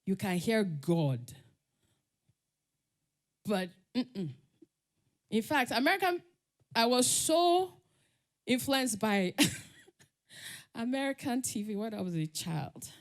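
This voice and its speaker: Lively Nigerian woman telling stories on stage. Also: a little high. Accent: Nigerian English. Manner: lively, laughs often, acts out quotes. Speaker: conference speaker. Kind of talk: animated storytelling talk.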